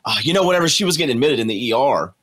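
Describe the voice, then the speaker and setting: A man's voice: medium pitch, expressive, racing, fairly bright tone. A man chatting casually on a call, telling a long rambling story with dry, sarcastic jokes. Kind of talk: casual chat.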